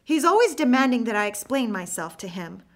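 A woman narrating a first-person story, her reading earnest and reflective. Her phrasing is expressive and follows the inner thoughts of the teller. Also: a little high, a little fast.

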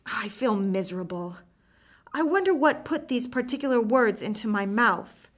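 A woman reading a first-person story aloud, earnest and reflective, with expressive phrasing. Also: a little high, moderate pace. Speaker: narrator.

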